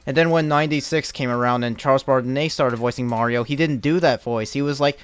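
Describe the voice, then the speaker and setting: A man's voice: medium pitch, quick pace, hardly any pauses, clear, resonant tone, no echo. A young man chatting casually as he streams a game, rambling and restarting his sentences, with the odd curse thrown in. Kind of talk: casual live-stream commentary while playing.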